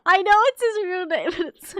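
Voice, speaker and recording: Bright, high-voiced woman streamer. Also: no echo, studio quality. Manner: playful, teasing, giggly. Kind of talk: casual live-stream chat.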